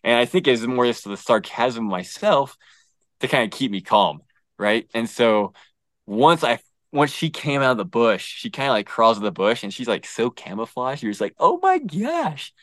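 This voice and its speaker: A young American man telling a story in a casual, animated way, with lots of fillers, laughs and swearing. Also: medium pitch, normal speed, dry recording. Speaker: guest recounting an encounter.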